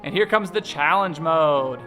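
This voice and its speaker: A man's voice: fairly high pitch, measured pace, sharp tone. Male elementary music teacher, peppy, chants rhythms and counts in. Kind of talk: upbeat kids' music lesson.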